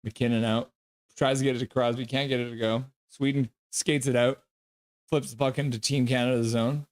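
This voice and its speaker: A man streaming live reactions to a hockey game, calling plays in quick clipped bits between offhand chat remarks. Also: mid-range voice, little pitch movement, dry recording. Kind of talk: casual live play-by-play commentary.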